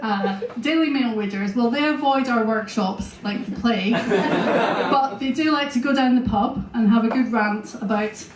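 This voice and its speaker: Scottish woman comic, unhurried and halting, roomy far-off live recording. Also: fairly high pitch, background noise. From Scotland. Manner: self-deprecating, halting with fillers. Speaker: stand-up comedian. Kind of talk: stand-up comedy set. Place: small venue with live audience.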